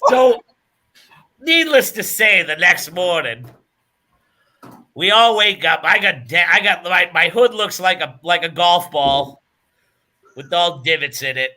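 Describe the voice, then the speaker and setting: Bright high-voiced male show host. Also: lively intonation, unhurried, pauses often. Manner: laughing storyteller. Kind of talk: casual chat.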